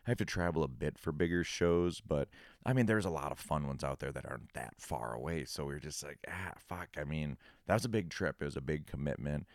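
A young man with an extremely deep, smooth and resonant voice, talking in a relaxed, casual chat. He swears freely and laughs easily. The sound is dry and close, with no room echo. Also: fairly quick. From Minnesota. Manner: laid-back, swears freely, laughs often. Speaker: hot sauce maker.

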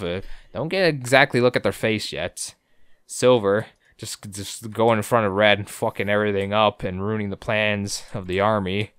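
A man's voice: fairly low pitch, moderate pace, fairly bright tone, clean tone, no echo. A man co-hosting a podcast, recapping episodes in a joking, profane, rambling way. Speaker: podcast co-host. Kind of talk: casual recap chat.

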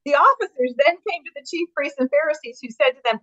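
A woman's voice: sits high, quick pace, hardly any pauses, a bit bright, no room sound, highs cut off. A woman teaching a Bible study, reading scripture aloud and adding her own enthusiastic comments, with some fillers and restarts.

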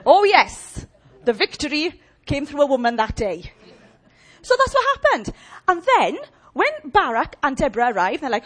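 A woman preaching a lively, humorous sermon and chatting with her audience. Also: high voice, normal speed.

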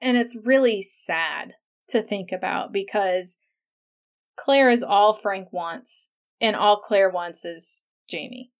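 A woman hosts a casual podcast, talking through an episode in an easygoing, animated way. She leans on "like" as a filler and laughs lightly as she goes. Her voice sits at an ordinary middle pitch. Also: slow pace. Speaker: podcast host.

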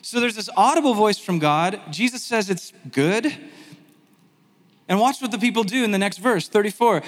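A man teaching a sermon in a conversational, animated way, with self-deprecating asides. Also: sits high, moderate pace, in a large hall. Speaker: pastor.

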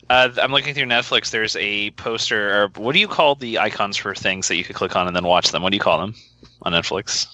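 A man co-hosting a podcast in casual chat, rambling and excitable with a joking manner. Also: lowish voice, fairly quick, no room sound. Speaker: podcast co-host.

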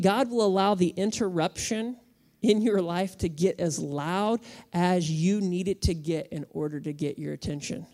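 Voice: medium pitch, a little mellow. Conversational, humorous pastor. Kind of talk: sermon.

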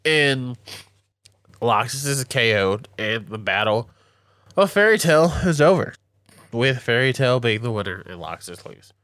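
A man's voice: medium pitch, expressive, a little slow, a bit bright, no room sound. Young dude rambling about an anime he loves, gets emotional, dry close sound. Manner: emotional, lots of fillers and "like". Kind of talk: casual anime discussion.

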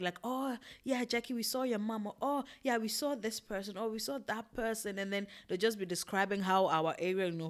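A young woman from Ghana with a Ghanaian accent telling a personal story in an emotional, expressive way, swinging between hushed and loud. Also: on the low side.

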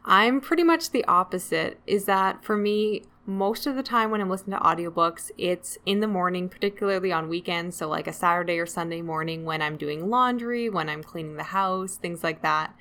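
A woman's voice: lowish voice, moderate pace, few pauses, pushed and bright. A woman co-hosting a book podcast, talking in a chatty, self-deprecating way and laughing often. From Canada. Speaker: podcast co-host. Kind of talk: casual book chat.

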